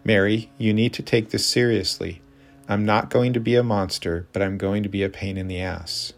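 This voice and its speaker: A man's voice: on the low side, steady tone, moderate pace, vocal fry, soft background music. A man voicing a tired, irritable husband who answers curtly and snaps. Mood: weary. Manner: curt, snappish.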